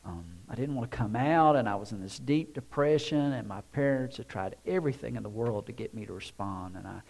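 A man voicing a bitter, self-pitying young blind man who speaks low and quiet. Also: fairly quick, vocal fry. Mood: sullen.

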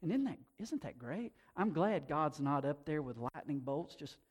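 High-voiced animated male preacher. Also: normal speed, husky. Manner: animated, often repeats words and swings between soft and loud. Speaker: pastor. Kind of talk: sermon to a congregation.

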